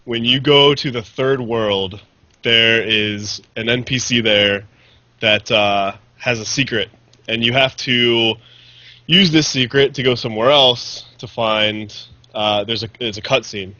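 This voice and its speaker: Bright-toned male podcast co-host. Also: medium pitch, steady tone, a little slow, dry recording, lo-fi sound. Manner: explains with restarts and hesitations. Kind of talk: casual podcast chat.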